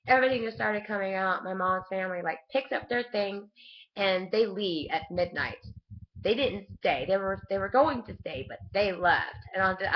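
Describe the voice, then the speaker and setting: Casual vlogger, female, low gravelly voice, loose rambling storyteller, lo-fi webcam sound. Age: adult with a young son. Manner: rambling, laughing often, frequent restarts.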